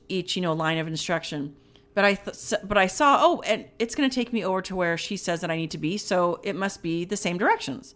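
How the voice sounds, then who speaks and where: A middle-aged woman in casual podcast chat, spinning a story with lively energy. She acts out her own quotes, and her voice sits at an ordinary middle pitch for a woman. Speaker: podcast co-host.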